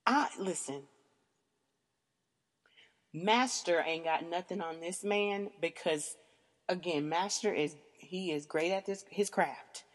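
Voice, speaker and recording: A woman hosting a podcast, telling a candid story in an animated, emphatic way, swearing freely and calling out to her listeners. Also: fairly low pitch, slow, long pauses, long reverb tail. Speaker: podcast host.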